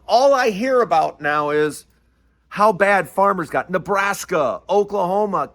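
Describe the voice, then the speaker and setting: A man hosts his own commentary show in a casual, talkative way. His voice sits a little high and sounds bright and forceful. He restarts phrases often and hammers points by repeating lines in a mocking tone. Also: lively intonation, unhurried. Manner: talkative, restarts phrases, self-deprecating asides. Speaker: host of a political commentary show.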